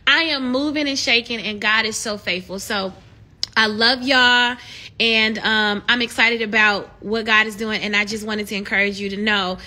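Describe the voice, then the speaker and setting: A young woman with a bright, high voice hosts a live stream, chatting casually at a moderate pace. She frequently drifts into animated, encouraging preaching, and her tone carries a forceful edge.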